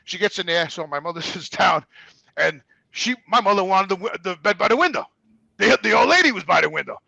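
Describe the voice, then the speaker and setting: A man's voice: sits high, animated, fairly quick, vocal fry, sharp tone, no echo, muffled recording. A man telling a story casually, swearing constantly and acting out the voices of the people in it. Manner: profane, emphatic, acts out quoted voices. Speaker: guest storyteller.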